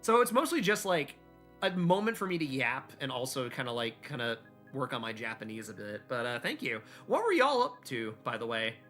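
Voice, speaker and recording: A man streaming a video game, chatting casually and excitably with his viewers and joking around. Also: mid-range voice, normal speed, faint music behind. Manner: excitable and jokey, reading chat aloud. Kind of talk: casual live-stream chat while gaming.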